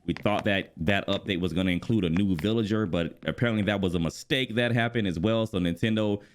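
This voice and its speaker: A man in his thirties casually chatting about a video game while he plays, animated and quick to exclaim. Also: lowish voice, slight background noise. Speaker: gaming YouTuber and streamer. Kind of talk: casual gaming vlog commentary while playing. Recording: music bed playing clearly behind the voice.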